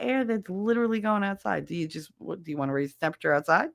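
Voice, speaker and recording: A woman's voice: fairly low pitch, expressive, fast, vocal fry, hardly any pauses, dry recording, clean studio sound. A woman hosting a casual chat show, venting bluntly with lots of swearing and laughter. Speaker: podcast host. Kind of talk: casual chat with chat shout-outs.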